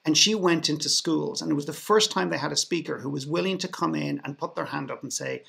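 A man's voice: fairly high pitch, a little fast, creaky, a bit bright. An Irish man, a podcast guest, telling a story in a sarcastic way, often restarting his sentences. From Ireland. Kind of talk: storytelling in a panel conversation.

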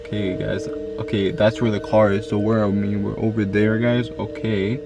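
A young man vlogging outdoors in a field, talking in excitable, slangy bursts and calling out to his viewers. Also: lowish voice, normal speed, vocal fry. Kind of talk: casual vlog commentary. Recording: music playing loudly underneath.

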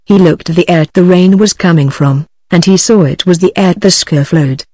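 A text-to-speech woman's voice with a British English accent, narrating an audiobook in an even, synthetic reading. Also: on the low side, moderate pace, dry recording.

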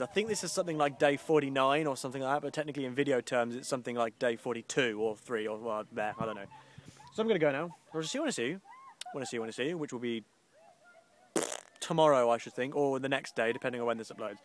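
A man's voice: mid-range voice, fast talker. A young man from the Midlands vlogging outdoors by the coast on a handheld camera, rambling and grumbling with sarcasm. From English Midlands. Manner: rambling, grumbling and sarcastic, with mock posh voices. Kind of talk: casual outdoor vlog.

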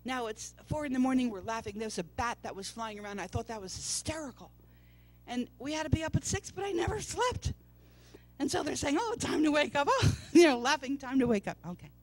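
In a church service, a woman with a high-pitched voice tells her personal testimony a little fast, acting out the voices of people she quotes in storytelling fashion. The sermon is recorded with no room sound.

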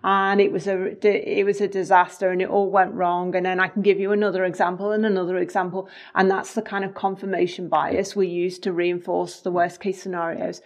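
A woman with a fairly low voice talks through ideas in a calm, thoughtful way. She sounds like a co-host in a reflective conversation. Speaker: podcast co-host.

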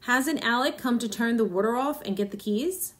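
A woman's voice: on the high side, moderate pace, lightly acted. A woman reading the part of an anxious wife who pleads and begs with her husband. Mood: pleading. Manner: pleading, fearful.

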